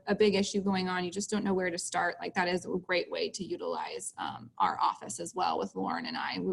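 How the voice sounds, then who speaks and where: A woman's voice: fairly low pitch, gravelly, rough recording. A woman moderating a parent panel over a video call, speaking with many fillers and repeated words. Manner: fast, filler-heavy, stammering. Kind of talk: hosting a panel.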